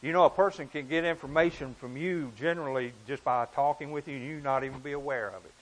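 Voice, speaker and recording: A man's voice: quick pace, poor audio. Earnest man preaching a sermon. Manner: earnest, emphatic, rises and drops in pitch and volume.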